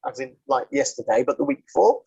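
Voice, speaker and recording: A man's voice: mid-range voice, big pitch swings, fast talker, creaky, warm tone, slightly rough. A man hosting a casual rugby podcast, swearing freely and bantering with many fillers. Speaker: podcast host. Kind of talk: casual chat. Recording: dull lo-fi sound.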